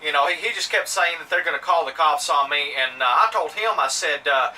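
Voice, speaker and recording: A man's voice: fairly high pitch, brisk, few pauses, bright, forceful tone. A man from Mississippi with a Southern accent, telling a story to camera in a rambling, indignant way, with lots of fillers and restarts. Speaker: vlogger. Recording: somewhat distant mic with faint ambient noise.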